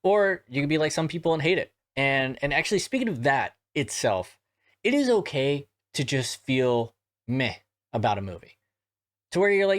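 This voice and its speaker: A man's voice: fairly high pitch, big pitch swings, moderate pace. A young man from South Georgia with a light Southern accent, hosting a horror movie podcast in a chatty, loose, swearing monologue. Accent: light Southern American, mostly neutral. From South Georgia, USA. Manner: chatty, swears casually, frequent restarts and laughs. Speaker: podcast host.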